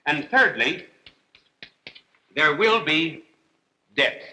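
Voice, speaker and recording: A priest delivering a humorous televised lecture, wry and deliberate, with dry jokes and long pauses. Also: male voice, on the high side, animated, bright, forceful tone, a little hiss or hum, poor audio. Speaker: priest and TV host.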